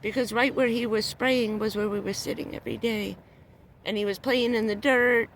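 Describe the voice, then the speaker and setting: A woman's voice: fairly high pitch, steady tone, normal speed, a little hiss or hum. Furious, cursing woman ranting on a livestream. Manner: heated, profane, repetitive. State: upset, near tears. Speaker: vlogger. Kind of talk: angry livestream rant. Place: parked car.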